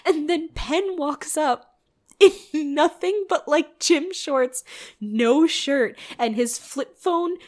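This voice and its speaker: A young woman co-hosts a casual chat, reacting to a movie with lively, expletive-laced disbelief. Her voice sits a little high. She talks with plenty of energy and drops into silly voices for the characters. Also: takes it slowly. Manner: animated, swearing, mimics characters in silly voices. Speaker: podcast co-host.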